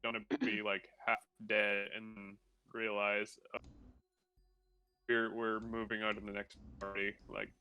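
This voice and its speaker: A man's voice: fairly low pitch, monotone, unhurried, bright, forceful tone, clear, resonant tone, soft background music. A man playing a tabletop game, speaking hesitantly with many fillers. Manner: hesitant, lots of "like". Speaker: player. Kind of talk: casual chat.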